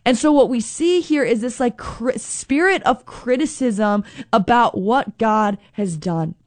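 A woman's voice: on the high side, a little mellow, no echo. Earnest woman teaching from scripture. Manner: earnest, conversational, slows for emphasis, acts out quoted voices. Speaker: Bible teacher. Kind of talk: Bible reading and devotional teaching.

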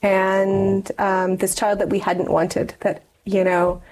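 A woman's voice: mid-range voice, little pitch movement, slow pace, a little mellow, poor audio. A middle-aged woman, a guest in an interview, telling a personal story earnestly, with many fillers and restarts.

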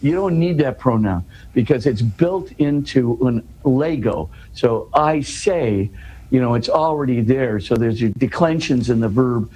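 A man's voice: medium pitch, lively intonation, measured pace, darkish tone, slight background noise, rough recording. A man, a guest in an interview, explaining scripture in earnest conversation. He restarts and repeats words, tags his points with "right?" and builds to emphatic questions.

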